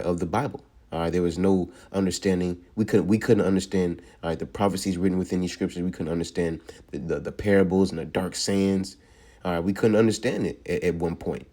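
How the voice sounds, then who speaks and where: A low-voiced man teaches a sermon from the Bible in a mellow, relaxed tone. He reads the verses slowly and keeps saying "all right" as he walks through what each part means. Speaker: preacher. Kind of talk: scripture teaching.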